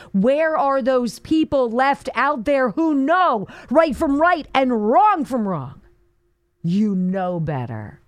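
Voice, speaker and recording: A woman hosting a talk radio hour, reading the news and tearing into it with sarcasm. Her voice sits a little high and swings widely as she mocks and scolds. The sound is dry and close, with no room around it. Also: no room sound. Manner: sarcastic, indignant, mocking asides. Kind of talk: opinionated talk radio monologue.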